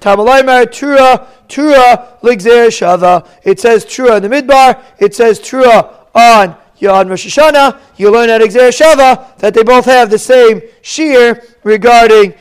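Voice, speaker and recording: High-voiced man teaching Talmud. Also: smooth. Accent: Ashkenazi Hebrew pronunciation. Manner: explanatory, mixes Hebrew and Aramaic terms with English. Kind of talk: Talmud lesson, translating Aramaic and Hebrew phrases.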